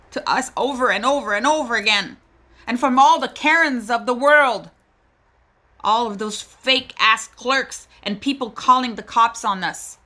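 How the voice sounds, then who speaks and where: A mother speaks out in an impassioned personal monologue, pleading and indignant with emotion. Her voice is on the high side with a sharp tone.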